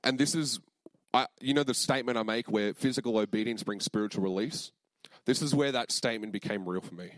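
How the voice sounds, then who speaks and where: A man's voice: fairly low pitch, fast, no room sound. A young man preaching a sermon, telling a personal story in a casual, earnest way with many fillers and moments of emotion.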